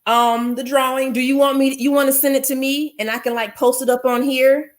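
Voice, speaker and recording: Woman, livestream host, casual chat, effusive, repeats herself, slightly high voice. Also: level tone, a little fast. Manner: effusive, repeats exclamations, addresses viewers as y'all.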